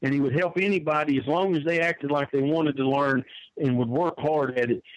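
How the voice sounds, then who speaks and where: A man's voice: fairly high pitch, a little fast, no room sound, poor audio. An older man, telling wrestling stories in a folksy way and often repeating his words. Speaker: wrestling manager guest. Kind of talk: storytelling interview answer.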